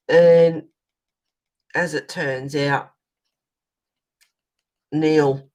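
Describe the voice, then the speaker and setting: A woman's voice: low-pitched, a little slow, pauses often, poor audio. An Australian woman hosting a colouring channel, telling a long rambling story in casual chat as she colours, swearing now and then.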